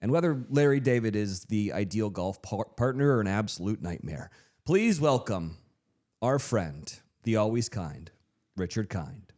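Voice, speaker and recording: A man's voice: fairly low pitch, animated, unhurried, a little mellow. Upbeat male podcast host. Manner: upbeat scripted intro with jokey asides.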